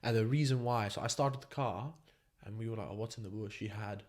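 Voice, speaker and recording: A young man from Botswana with a fairly low voice tells a story as a podcast guest. He talks casually, with lots of energy and slang, and keeps calling people "bro.". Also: a little fast, darkish tone.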